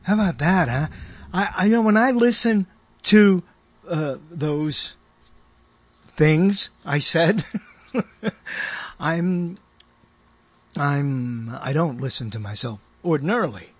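High husky older man hosting radio. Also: slow, pauses often, no room sound. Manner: chatty and self-amused, rambles with frequent chuckles and restarts. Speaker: radio show host. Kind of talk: rambling radio monologue.

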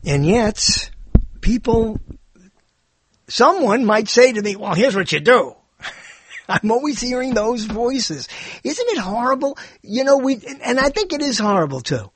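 Older man with a high, husky voice. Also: lively intonation, unhurried, no room sound. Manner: digressive, joking, muses aloud about word meanings. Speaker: host of his own show. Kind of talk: rambling casual monologue.

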